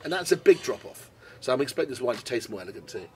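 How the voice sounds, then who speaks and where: A man's voice: medium pitch, big pitch swings, fast. A British man tastes wines on camera and talks through them in a chatty, eager way. His voice sits in the middle range. A faint noise runs under the recording. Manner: chatty and enthusiastic, tastes and comments as he goes. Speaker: wine presenter. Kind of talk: casual wine tasting video. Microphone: camera mic.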